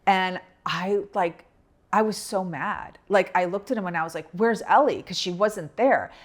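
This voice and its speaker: A woman's voice: fairly low pitch, normal speed. A woman co-hosting a casual podcast, telling a family travel story with lots of quoted back-and-forth. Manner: animated, retells with quoted dialogue. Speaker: podcast co-host.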